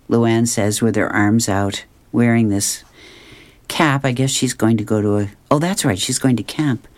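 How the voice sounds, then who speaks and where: A man's voice: lowish voice, fairly even intonation, normal speed, darkish tone. A man reading comic strips aloud, describing each panel and chuckling often. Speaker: reader.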